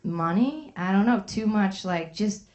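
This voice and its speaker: A woman's voice: medium pitch, expressive, a little slow, a little mellow. A woman comedian ranting profanely, with lots of filler words. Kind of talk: stand-up rant.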